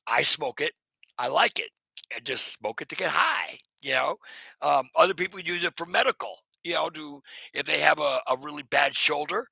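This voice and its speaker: A man's voice: on the high side, moderate pace, vocal fry, pushed and bright, breathy edge, no echo, poor audio. A man hosting a casual live stream, rambling with lots of fillers, greeting viewers by name and laughing at himself. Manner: rambling, with many fillers and restarts.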